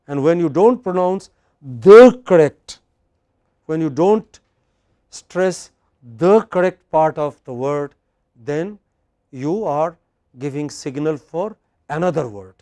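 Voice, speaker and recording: A man's voice: a little high, animated, slow pace, long pauses, mellow, no echo. A man lecturing a class as a teacher, drilling pronunciation and checking in with questions.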